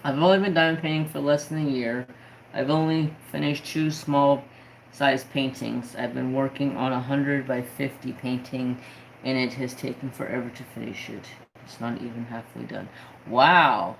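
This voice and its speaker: A man's voice: mid-range voice, normal speed, vocal fry, low-quality recording. A man chats casually on his diamond painting livestream and breaks off to answer viewers' comments. He tells his story with a lot of feeling and throws in the odd curse word. There's a faint noise behind him. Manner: emotional, swearing, animated storyteller. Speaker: diamond painting crafter streamer.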